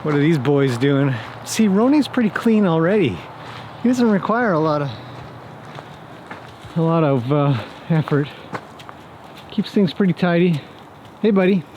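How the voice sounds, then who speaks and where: A man's voice: on the high side, expressive, unhurried, long pauses, a little mellow, a little hiss or hum. A man working as a horse trainer, chatting casually and joking as he talks to his horses outdoors. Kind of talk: casual vlog talk to camera and horses.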